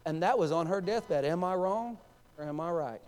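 A man's voice: on the high side, expressive, normal speed, darkish tone, clear, resonant tone, long reverb tail. A man preaching as assistant pastor, speaking passionately and directly to his congregation. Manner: impassioned, addresses congregation directly. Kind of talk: sermon. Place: church sanctuary.

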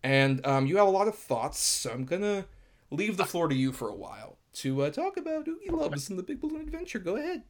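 A man's voice: high-pitched, very animated, fairly quick. A man co-hosting a film podcast, making wry, dry quips in casual chat. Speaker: podcast co-host.

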